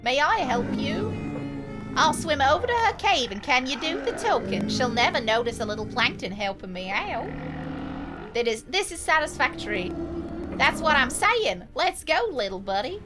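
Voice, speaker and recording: A woman streaming a video game, chatting casually in a high voice with a playful, crude, joking manner. She laughs easily and reads lines aloud as she plays. Game music sits clearly in the background. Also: sing-song, normal speed. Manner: playful, crude, giggly, jokey. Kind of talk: casual live-stream commentary.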